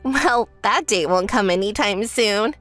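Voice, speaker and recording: A level-headed young woman in a narrated texting story, played by a woman, speaking lower than her sister and staying flat and dismissive. She answers in a dry, blunt tone. The recording is dry and close, with faint music underneath. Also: a little slow, dry recording.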